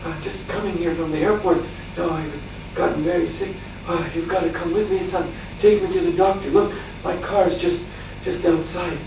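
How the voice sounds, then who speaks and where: A man voicing a sick, worried father who urgently pleads with his son, slightly higher than his own voice, recorded from a distance in an echoey room. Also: steady tone, moderate pace, hardly any pauses. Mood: pleading. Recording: echoey room, distant mic, faint hiss.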